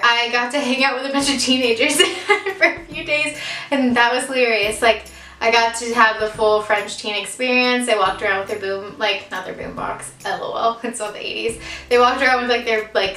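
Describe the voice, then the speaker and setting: A woman in her twenties telling a story in a casual vlog, chatty and giggly and quick to poke fun at herself. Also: a little high, bright, forceful tone, echoey room, distant mic, rough recording. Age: 20s. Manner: chatty, giggly, self-deprecating, lots of fillers. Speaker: vlogger.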